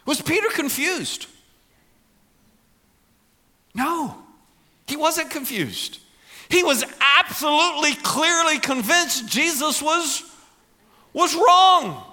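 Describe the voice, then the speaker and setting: Male pastor, very high bright voice, lively conversational sermon delivery. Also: slow pace, long pauses. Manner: animated, conversational preaching with quoted asides.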